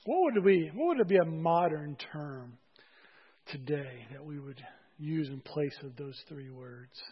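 High husky man preaching casually, church hall reverb, dull sound. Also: lively intonation, unhurried. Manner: conversational, joking with congregation. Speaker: pastor. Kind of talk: sermon.

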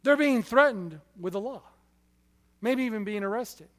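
High pitched guy preaching, gets loud then drops way down, echoey big hall. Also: lively intonation, moderate pace. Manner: impassioned storytelling, rising and falling sharply in loudness. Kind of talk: sermon.

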